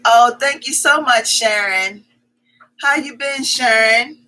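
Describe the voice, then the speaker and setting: Woman livestream host, somewhat high and very bright voice, chatty, repeats her hellos and welcomes. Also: low-quality recording. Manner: chatty, repeats greetings and welcomes in quick strings; greets viewers by name as their comments arrive. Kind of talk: casual live-stream chat.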